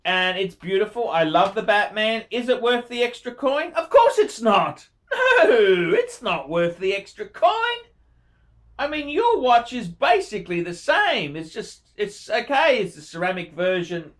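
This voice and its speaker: A man in his forties speaks in a high, lively voice full of swoops. He reviews a viewer's watch collection casually, swearing constantly and repeating phrases to drive them home, with effusive enthusiasm. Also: moderate pace. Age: 40s. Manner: profane and emphatic, repeats words for emphasis. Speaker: watch channel host.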